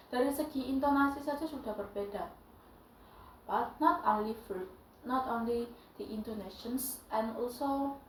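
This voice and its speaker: Give me a young woman with an Indonesian accent teaching a bilingual English lesson with a slightly high voice, recorded in an echoey room. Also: a little mellow, distant mic, a little hiss or hum. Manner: switches between English and Indonesian, halting English.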